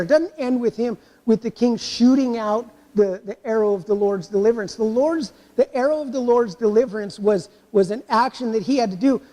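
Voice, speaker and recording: A man with a strikingly high voice delivers a sermon as pastor, leaning on rhetorical questions and playing out people's inner thoughts. His voice rings through a church with a long, trailing reverb. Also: mellow.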